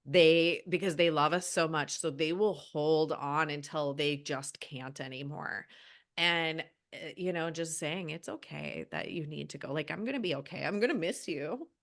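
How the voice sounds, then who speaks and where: A heartfelt woman with a somewhat low voice speaks as an animal healer on a podcast. She is earnest and gentle. She often breaks off and restarts her sentences as she talks. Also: normal speed. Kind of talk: casual podcast conversation.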